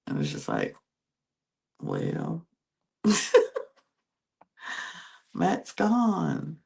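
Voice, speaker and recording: A man with a gravelly, fry-tinged voice chats through a reality-show recap at an unhurried pace. He keeps slipping into quick impressions of the contestants' reactions as he tells the story. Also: mid-range voice, big pitch swings. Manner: retells scenes by acting out contestants' quoted reactions. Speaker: podcast host.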